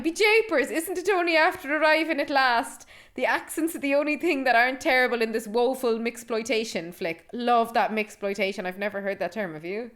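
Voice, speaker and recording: An Irish woman co-hosting a podcast in casual chat, reading review quotes aloud and laughing often. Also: a little high. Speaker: podcast co-host.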